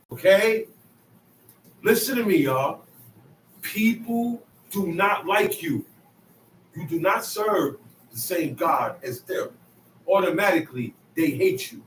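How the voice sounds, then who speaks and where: A man's voice: high voice, expressive, takes it slowly, long pauses, a little hiss or hum. A man teaching scripture in an emphatic, conversational way, often repeating his phrases. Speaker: bible teacher. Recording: echoey room, mic at a distance.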